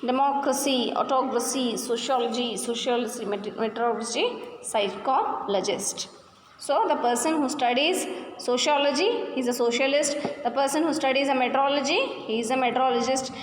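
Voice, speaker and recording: A woman teaching a lesson, drilling word stress by repeating words slowly, syllable by syllable. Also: high-pitched. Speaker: English teacher. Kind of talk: classroom lesson explaining pronunciation and vocabulary. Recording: echoey room with long reverb, faint hum.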